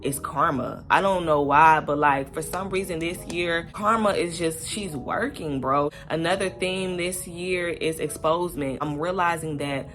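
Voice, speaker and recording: A woman's voice: low-pitched, measured pace, hardly any pauses, a bit bright. A young woman talking casually to camera in a rambling, candid commentary vlog, swearing freely and piling up fillers. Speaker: vlogger.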